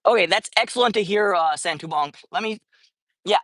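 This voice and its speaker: Feeding street cats outdoors, a woman chats off the cuff on a livestream in a mid-range, fairly bright voice that moves fairly quickly. She rambles, breaks off mid-phrase to correct herself, and sounds close and dry with no room around her.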